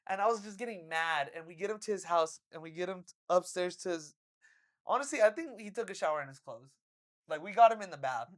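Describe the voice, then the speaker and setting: A young adult podcast co-host telling a story in casual chat, animated and full of swearing, acting out quotes loudly. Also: medium pitch, quick pace.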